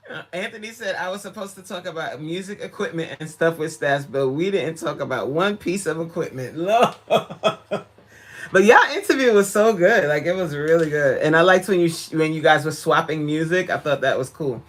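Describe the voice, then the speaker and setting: A woman's voice: sits low, expressive, normal speed. A woman fitness coach chatting on a livestream, reading viewer comments aloud, laughing often, recorded on a tablet mic. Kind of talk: casual livestream chat.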